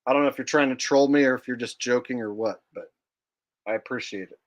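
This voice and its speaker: A man's voice: mid-range voice, quick pace. A man hosting a casual livestream, joking and rambling while reading chat aloud. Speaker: livestream host.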